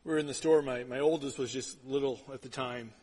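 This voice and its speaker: A middle-aged pastor preaching a sermon, telling stories in an animated, conversational way with quick repeated restarts. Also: male voice, mid-range voice, slightly rough. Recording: long hall reverb.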